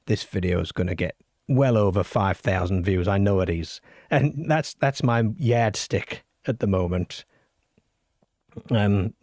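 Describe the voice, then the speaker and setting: A man's voice: fairly low pitch, a little mellow, no echo, clean studio sound. A middle-aged or older man hosting a late-night paranormal call-in show, reading out listener stories and chatting wryly with his live audience. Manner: wry, self-deprecating, chatty with the live chat.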